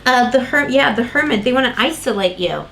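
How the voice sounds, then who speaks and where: A woman's voice: a little high, expressive, fairly quick, vocal fry, fairly bright tone, low-quality recording. Chatty woman tarot reader, rambling. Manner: rambling, self-interrupting, lots of fillers. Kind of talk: casual tarot reading.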